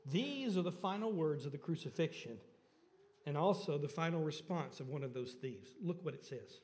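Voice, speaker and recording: A man preaching a sermon to his congregation and asking them questions, rising for emphasis and then dropping low and soft on key points. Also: lively intonation, moderate pace, long reverb tail. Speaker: pastor. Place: church sanctuary.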